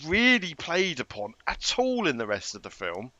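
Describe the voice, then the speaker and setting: A man's voice: on the high side, wildly swooping pitch, moderate pace, pushed and bright, dry recording, dull audio. A man guest on a film podcast, chatting casually with dry, wry asides and frequent restarts.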